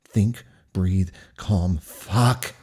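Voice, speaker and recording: A man's voice: low voice, drawn-out words, darkish tone, slightly rough, heavily acted. A man reading a furious, swearing young heroine. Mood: tense self-talk. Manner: clipped, swearing, self-coaching.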